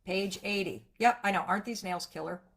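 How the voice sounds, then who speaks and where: Woman hyping up viewers on a live stream, swearing freely, swooping high and loud then dropping. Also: brisk. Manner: energetic, emphatic, profane, big swings in pitch and loudness. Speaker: motivational speaker. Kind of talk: live-streamed motivational talk.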